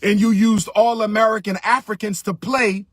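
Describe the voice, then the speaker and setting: Man, middle-aged, impassioned commentary, emphatic repetition, raspy tone, dry close sound. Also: high voice, steady tone, moderate pace, a bit bright, no echo. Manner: emphatic, repeats phrases for stress.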